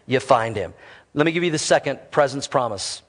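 A middle-aged man preaching a sermon to his church, lively and conversational with quick casual asides. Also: mid-range voice, long reverb tail. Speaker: pastor.

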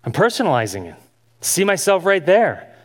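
A man's voice: high-pitched, huge pitch swings, normal speed. A man giving an instructional sermon, earnest and asking his listeners many questions as he teaches. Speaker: Bible teacher. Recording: long hall reverb.

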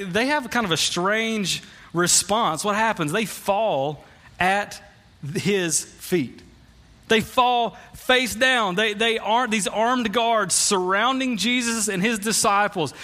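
Male pastor, high bright voice, relaxed storytelling sermon with many restarts. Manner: conversational storytelling, frequent restarts. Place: church.

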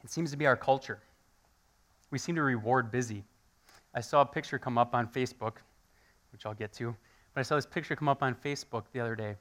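A man preaches a conversational sermon, his voice bright and forceful. He tells everyday stories and plays the people in them with lively energy. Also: mid-range voice, a little fast, pauses often. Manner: animated storytelling, acts out quoted voices. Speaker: pastor.

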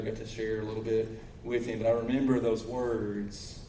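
A pastor with a Kentucky accent, preaching a sermon in a folksy way that swings between loud preaching and quiet storytelling. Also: male voice, lowish voice, level tone, normal speed, few pauses, reverberant, far from the mic, a little hiss or hum, poor audio. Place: church sanctuary.

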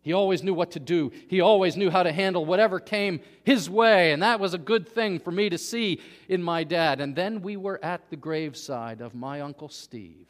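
A man preaching a sermon, earnest, dropping to a hush and then rising to emphatic peaks. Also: sits high, normal speed, few pauses. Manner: earnest, swings from hushed to emphatic. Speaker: pastor. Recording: long hall reverb.

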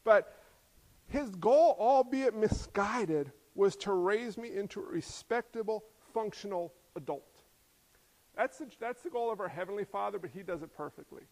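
A middle-aged man preaching a sermon, animated and acting out voices as he tells stories. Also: high-pitched, moderate pace. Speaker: pastor.

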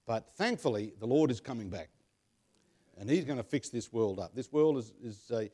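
A man's voice: medium pitch, expressive, moderate pace, mellow. An Australian man chatting casually about family history, rambling with many fillers and chuckling at his own jokes. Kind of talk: casual chat.

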